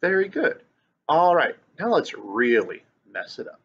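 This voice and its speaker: A man teaches rhythm reading to grade school children in an online lesson, chanting note syllables and praising them as he goes. He speaks at a measured pace in a fairly high, a bit bright voice, very animated throughout. It's a dull lo-fi recording, filmed on camera in a classroom or at home.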